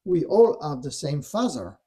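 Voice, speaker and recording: A man's voice: on the high side, very animated, measured pace, mellow. A man voicing a resolute young spiritual master who answers firmly and asks questions. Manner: firm, questioning.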